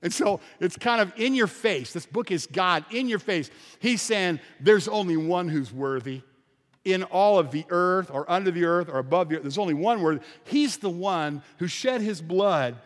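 A man's voice: high voice, lively intonation, normal speed. A pastor preaching a sermon to his congregation, emphatic and full of rhetorical questions. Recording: long reverb of a large hall.

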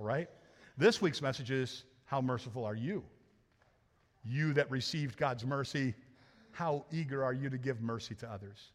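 A man preaching a sermon as lead pastor in a church, talking in a conversational, joking way and asking the congregation rhetorical questions. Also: medium pitch. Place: church sanctuary. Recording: long church reverb.

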